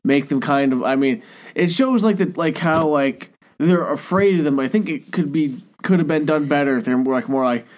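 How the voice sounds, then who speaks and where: A man co-hosting a casual film chat, joking and animated. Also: a little high, normal speed. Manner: joking, animated, slips into mock voices. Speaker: podcast co-host.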